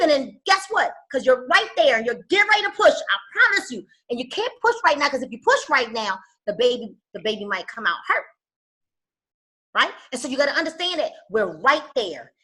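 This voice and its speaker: This woman's voice sits high and bright, and her pitch moves a lot. She mentors a group over a call in a preachy, emphatic way. She swings between loud, charged lines and quiet, hushed ones. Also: poor audio. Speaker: guest speaker and business mentor. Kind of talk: motivational talk on a call.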